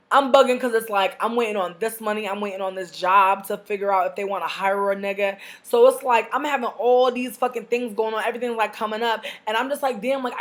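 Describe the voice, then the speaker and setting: Loud, profane woman ranting to camera. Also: fairly high pitch. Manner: loud, profane, animated venting with acted-out dialogue. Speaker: vlogger. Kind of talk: storytime rant to camera.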